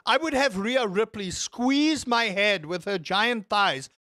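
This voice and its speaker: A young man streaming and chatting casually with his viewers, rambling and animated with exaggerated exclamations. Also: high voice, slow, no room sound, clean studio sound. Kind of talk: casual chat with live chat.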